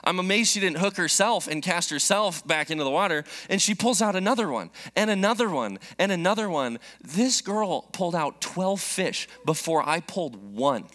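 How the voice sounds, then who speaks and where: A man in his thirties preaching a sermon, telling a personal story in an animated, joking way. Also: high voice, moderate pace, few pauses. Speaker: pastor.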